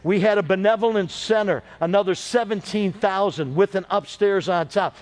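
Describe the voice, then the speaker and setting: A man's voice: high voice, moderate pace, a little mellow. A middle-aged man preaching as a pastor, telling stories and calling on the congregation for amens. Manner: storytelling preacher with call-and-response. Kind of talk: sermon.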